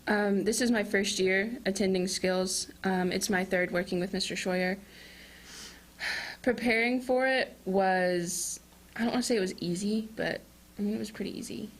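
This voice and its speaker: A teenage girl, a high school senior, answering radio questions hesitantly with many ums. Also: steady tone, normal speed. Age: high school student. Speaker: student guest.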